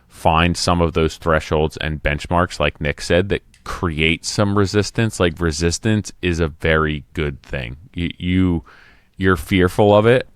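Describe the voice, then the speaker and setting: A man's voice: low-pitched, a little slow, clean tone, no echo, clean studio sound. A man co-hosting a business podcast, giving earnest advice in casual chat. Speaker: podcast co-host.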